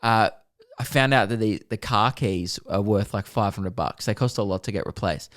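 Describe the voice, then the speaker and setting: A man's voice: fairly low pitch, normal speed, no echo, studio quality. A young man co-hosting a podcast, telling a story in casual chat and acting out what people said. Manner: animated storyteller, acts out quotes. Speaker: podcast co-host.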